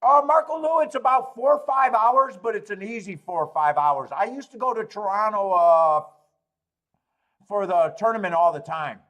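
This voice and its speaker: This thirty-something live stream host chats casually while reading the live chat, cursing openly, wandering off topic and laughing a lot. He speaks at normal speed in a high-sitting, fairly bright voice.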